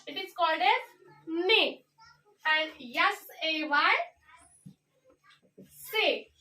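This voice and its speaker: High-voiced Indian woman teaching slowly. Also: sharp tone, distant mic. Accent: Indian English. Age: young adult. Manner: spells words out letter by letter. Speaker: student teacher. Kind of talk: classroom English lesson.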